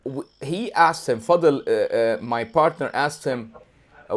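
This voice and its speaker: A man co-hosting a casual livestream, talking in an animated, rambling way with many restarts, a throat lozenge in his mouth. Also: mid-range voice, normal speed. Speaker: co-host.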